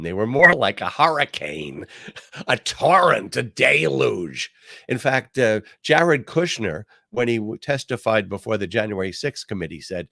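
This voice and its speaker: A man's voice: fairly low pitch, creaky, fairly bright tone, no echo, studio quality. An older man hosting a political commentary podcast, talking in a wry, sarcastic way with many fillers. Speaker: podcast host.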